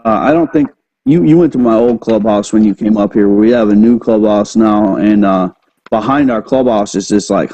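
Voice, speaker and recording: A man's voice: on the low side, mellow, rough recording. A man hosting a casual chat, laid-back and saying "dude" and "man" a lot. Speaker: podcast host.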